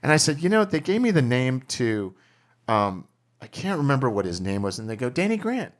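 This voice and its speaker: A man's voice: medium pitch, a little fast. A middle-aged man, a documentary filmmaker, telling stories in casual chat and acting out the people he quotes. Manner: animated storyteller, acts out quotes, swears freely. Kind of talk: casual chat over drinks.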